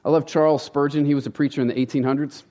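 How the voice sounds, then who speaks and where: A man's voice: a little high, steady tone, racing, mellow, dull audio. A man preaching a sermon from a church stage, talking in a conversational, emphatic way and often appealing straight to the congregation. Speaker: pastor.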